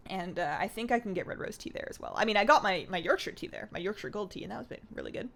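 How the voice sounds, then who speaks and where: A woman's voice: medium pitch, expressive, quick pace, creaky. A young adult woman from Canada, chatting casually while streaming a game and reading viewer comments aloud. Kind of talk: casual livestream chat while gaming.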